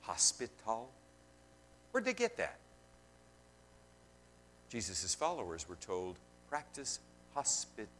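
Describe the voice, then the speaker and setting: A man preaching a sermon, swinging between loud emphasis and quiet asides and questioning the congregation directly. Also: on the low side, wildly swooping pitch, measured pace, long pauses, slight background noise. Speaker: pastor.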